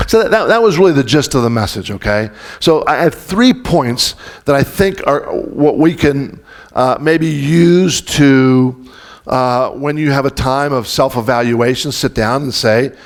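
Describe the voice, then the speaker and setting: A male pastor delivers his sermon like a conversation. His voice sits at an ordinary pitch. He keeps stopping to restart his thoughts and tosses questions out to the congregation. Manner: informal and searching, with frequent restarts and questions to the congregation.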